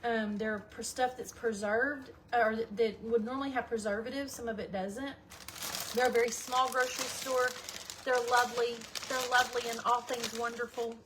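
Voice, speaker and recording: Cooking in her home kitchen, a middle-aged woman talks folksily with her livestream viewers. She speaks at a moderate pace in a slightly high, steady, fairly bright voice, and background noise can be heard.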